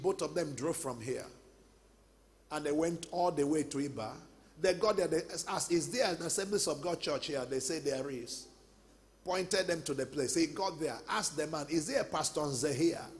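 A man with a Nigerian accent preaching a sermon as pastor, telling stories and breaking into shouts. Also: a little high. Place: large church hall. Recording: long church hall reverb.

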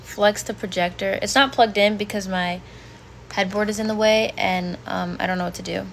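A woman's voice: medium pitch, fairly even intonation, moderate pace, creaky, a bit bright, slight background noise. A woman in her twenties on a casual home livestream, reading chat comments aloud and reacting bluntly. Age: 20s. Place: bedroom at home.

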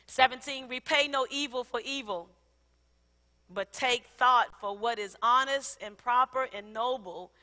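A woman's voice: a little high, pushed and bright. A woman pastor preaching a sermon, laughing often and calling on the congregation to repeat after her. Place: large church sanctuary. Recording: long hall reverb.

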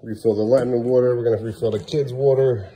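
A man's voice: medium pitch, fairly even intonation, fast talker, mellow, breathy edge. A man in his thirties at home filming a casual family vlog, coaxing his small children playfully and muttering asides. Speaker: father filming his kids.

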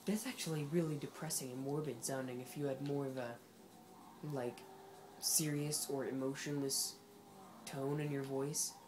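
A woman's voice: a bass voice, steady tone, moderate pace, noisy background. A woman giving casual, sarcastic commentary while playing a racing game, talking back at the game's characters. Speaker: gameplay commentator.

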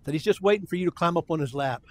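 Older man, preacher, sermon, high voice, folksy, conversational, restarts often. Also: racing.

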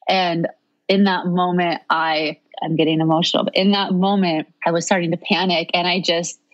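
A woman's voice: on the low side, level tone, normal speed, highs cut off. A young woman telling a personal story in conversation, earnest and rambling with many fillers. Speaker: podcast guest.

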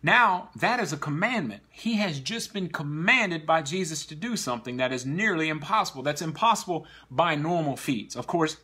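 A man's voice: on the high side, bright, forceful tone, slightly rough. A man preaching a sermon to a congregation, earnestly exhorting the listeners.

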